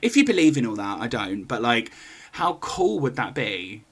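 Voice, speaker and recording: A man co-hosting a podcast, telling a story in casual chat with wry, deadpan asides and frequent ums. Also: medium pitch, moderate pace, slightly rough. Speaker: podcast co-host.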